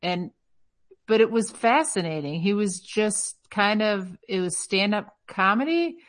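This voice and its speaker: A woman's voice: medium pitch, expressive, unhurried. A woman co-hosting a casual podcast, chatty and telling stories. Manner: chatty, storytelling, recommends things. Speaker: co-host.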